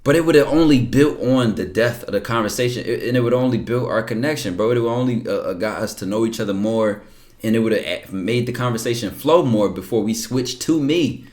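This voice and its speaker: A man's voice: mid-range voice, fairly quick, darkish tone. A man casually reacting to viewer messages on a livestream, blunt and profane, lecturing his chat.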